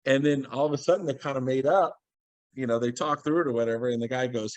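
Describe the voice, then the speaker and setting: A man's voice: medium pitch, fast, no echo. A man speaking as a guest on a video call, telling a story with energy and acting out what people said. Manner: animated storyteller, acts out quoted dialogue.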